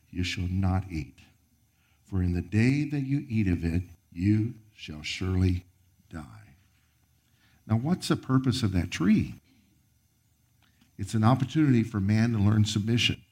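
A man preaching a sermon, reading scripture aloud and commenting on it, his voice rising high and then dropping to a near whisper. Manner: preaching with sharp swings of pitch and volume, dropping to a near whisper. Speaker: pastor.

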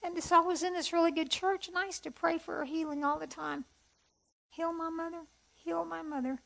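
A middle-aged woman telling her personal testimony in an earnest, heartfelt way, with soft hesitations. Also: sits high, rough recording. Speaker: speaker sharing testimony.

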